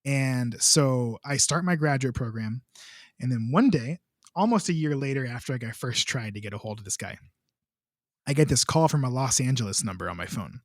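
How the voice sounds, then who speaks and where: A man's voice: mid-range voice, animated, moderate pace, no echo, clean studio sound. A young adult man, a composer, telling a long story in a casual, rambling way, full of filler words. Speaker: composer, podcast guest.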